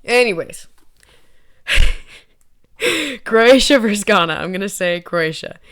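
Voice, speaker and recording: A young woman vlogging in a loose, rambling way, giggling and teasing herself as she goes. Her voice is smooth and clear, sitting at an ordinary middle pitch for a woman. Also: expressive, slow pace, a bit bright. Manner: rambling, giggly, self-mocking. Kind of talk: casual chat to camera.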